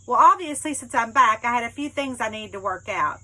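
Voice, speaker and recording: A woman voicing a relaxed, bearded southern man, a former sheriff, in a relaxed, offhand way in a storybook reading. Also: on the high side, brisk, full character voice, rough recording. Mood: easygoing.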